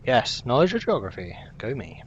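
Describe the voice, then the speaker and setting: A man's voice: medium pitch, huge pitch swings, moderate pace, muffled recording, a little hiss or hum. Chatty man streaming a game. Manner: chatty, talks to himself and to chat while playing. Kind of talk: casual gameplay commentary.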